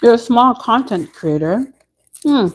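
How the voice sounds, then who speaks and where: A woman's voice: a little high, animated, unhurried, poor audio. Chatty woman live-streaming at home. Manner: chatty, answers viewers' comments as she goes. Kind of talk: casual live-stream chat with viewers.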